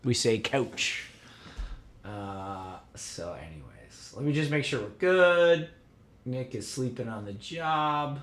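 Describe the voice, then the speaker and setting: A middle-aged man from upstate New York hosts a casual livestream chat, speaking slowly in a medium-pitched voice. He's relaxed and chatty, filling his talk with plenty of fillers.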